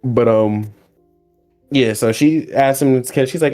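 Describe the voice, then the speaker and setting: A man's voice: medium pitch, a little slow, faint music behind. A man hosting a casual anime podcast, retelling episodes and acting out characters' lines. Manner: animated storytelling, acts out characters' lines, laughs often. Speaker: podcast host. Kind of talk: casual anime recap chat.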